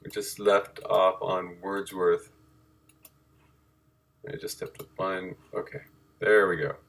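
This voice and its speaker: A man reading a timeline of dates from his notes, halting and correcting himself as he goes. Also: low-pitched, flat delivery, creaky, a bit bright. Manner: halting, self-correcting, reads dates aloud.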